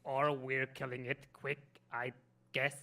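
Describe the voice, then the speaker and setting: A man's voice: medium pitch, flat delivery, slow pace, gravelly, pushed and bright. A man with a non-native English accent playing a tabletop game, playful and giggly, grumbling in character. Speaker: player. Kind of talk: tabletop role-play.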